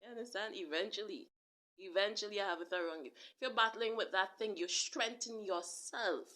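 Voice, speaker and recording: A woman's voice: mid-range voice, moderate pace, sharp tone. A woman preacher delivering a casual spoken sermon to her online audience, earnest and repetitive, talking straight to the listener. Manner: earnest, repetitive preaching with restarts and direct address. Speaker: self-described prophet and preacher.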